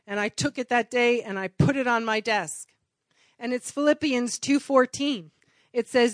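A woman's voice: on the high side, no room sound. Earnest woman preaching a sermon. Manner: earnest, builds to emphatic repetition. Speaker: church speaker.

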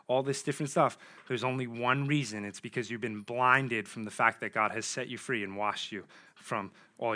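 Bright-voiced man preaching casually. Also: medium pitch. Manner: informal, conversational preaching with many fillers; reads scripture aloud then explains it. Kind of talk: sermon.

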